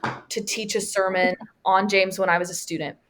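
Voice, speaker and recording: A woman's voice: medium pitch, normal speed, noisy background. A woman teaching a Bible study, telling stories and acting out the people she quotes. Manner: animated storyteller, acts out quotes, laughs often. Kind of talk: conversational Bible teaching with storytelling.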